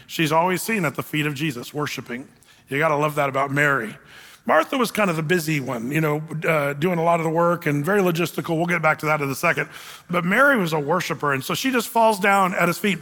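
A man preaching in a loose, conversational way with joking asides. His voice sits high and bright, and the room adds a long hall reverb. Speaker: pastor. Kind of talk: sermon.

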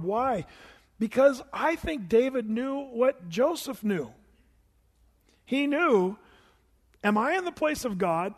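High-voiced preacher in a reverberant hall. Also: male voice, moderate pace. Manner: animated storytelling, swings between loud and hushed; humorous asides. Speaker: pastor. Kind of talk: sermon.

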